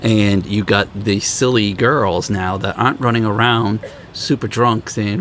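A young man hosting a podcast, telling road stories in a casual, animated way and acting out other people's lines. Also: normal speed, slight background noise. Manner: animated storyteller, acts out quoted people in higher voices. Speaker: podcast host. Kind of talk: casual storytelling chat.

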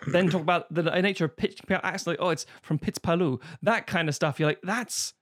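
A man with a slightly high voice co-hosting a podcast. He talks in casual chat and explains his points at length, with the odd swear word. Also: brisk, a bit bright. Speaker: podcast co-host.

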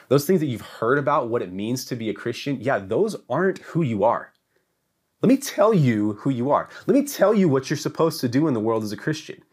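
Lively, emphatic preaching man. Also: breathy edge. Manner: emphatic, repetitive preaching that swings between loud peaks and hushed lows. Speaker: church teacher. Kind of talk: sermon.

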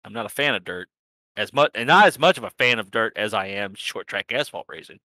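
A man's voice: on the low side, animated, brisk, pushed and bright, dry recording. A man recapping a sim racing season in a casual, rambling chat, swearing freely and laughing at himself. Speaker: sim racing league organizer and podcast host.

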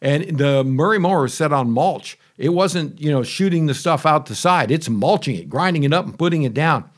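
A man's voice: on the high side, animated, moderate pace. Guy rambling to the camera about his yard, chatty, keeps going off on asides, kinda grumbly. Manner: chatty, conversational, self-interrupting. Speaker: homeowner reviewing a lawn mower. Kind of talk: casual rambling storytelling.

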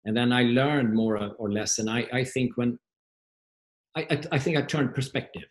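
A man's voice: medium pitch, normal speed. A middle-aged man from Sweden with a Swedish accent, a coach guest telling stories in a casual interview, with frequent restarts. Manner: warm storyteller, many restarts.

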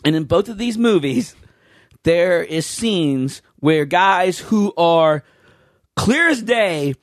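A man's voice: high voice, slow pace, no room sound, studio quality. A man hosting a podcast in casual banter, telling stories with lots of laughs and swearing freely. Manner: animated storyteller, laughs often, slips into impressions. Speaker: podcast host.

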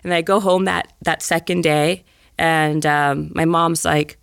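A woman guest on a podcast, telling a story with lots of "like" and acting out the people in it in higher voices. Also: a little slow, vocal fry, clear, resonant tone, no echo, studio quality. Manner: lively storyteller, heavy use of "like". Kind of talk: animated anecdote in podcast interview.

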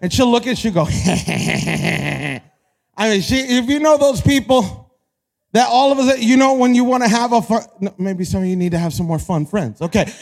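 A young adult man preaching a sermon as pastor, animated, rising to shouts and acting out quoted voices. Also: very high-pitched, a little fast. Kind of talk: energetic sermon.

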